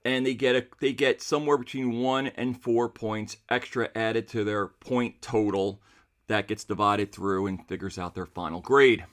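A man who teaches seventh grade history, telling a story in a casual, animated way and acting out the dialogue. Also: lowish voice, moderate pace. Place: New Jersey.

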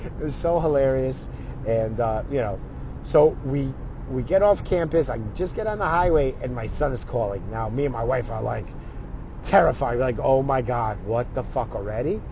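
A man's voice: mid-range voice, normal speed, warm tone, slight background noise. A middle-aged man telling a story in a casual, profane way, acting out what other people said in his own voice.

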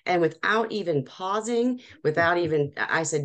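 Woman in her forties, low voice, animated interview guest who laughs often. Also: normal speed. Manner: animated storyteller, frequent laughs and restarts. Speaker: professional organizer, guest. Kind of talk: casual interview chat.

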